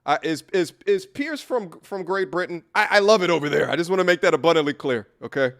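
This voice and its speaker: A man's voice: a little high, animated, fairly quick, gravelly, fairly bright tone. A man casually commenting on an interview clip, loose and rambling, laughing often. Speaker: reaction streamer.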